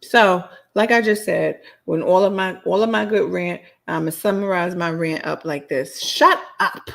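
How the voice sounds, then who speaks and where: Blunt ranting woman, gravelly voice. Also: fairly low pitch, moderate pace. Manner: blunt, sassy, repetitive ranting. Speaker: podcast host. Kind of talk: solo rant answering live chat.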